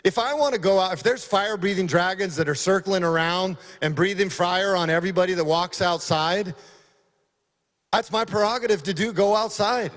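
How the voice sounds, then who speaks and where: Emphatic sheriff speaking in a reverberant hall. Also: male voice, high-pitched, normal speed, fairly bright tone. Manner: folksy storytelling, emphatic. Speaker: county sheriff. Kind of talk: conference speech. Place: conference hall.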